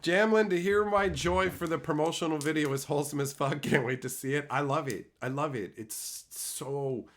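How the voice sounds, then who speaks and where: A man's voice: moderate pace, few pauses. A man in his thirties from Canada, chatting casually on his livestream, swearing freely and laughing often. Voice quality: swears a lot, laughs often, jumps into high squeaky voices for quotes. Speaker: streamer.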